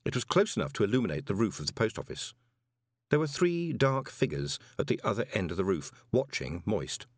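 A man narrating an audiobook in an expressive storytelling manner. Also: on the low side, brisk, no room sound, clean studio sound.

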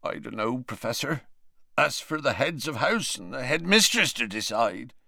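A man doing Hagrid, a tearful gruff giant. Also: high-pitched, big pitch swings, takes it slowly, bright, forceful tone, dry recording, studio quality, pitched above the performer's own voice, full character voice. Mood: choked up. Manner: croaky, gruff, dropped-word dialect speech. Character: huge tearful half-giant groundskeeper, gruff, rough-spoken.

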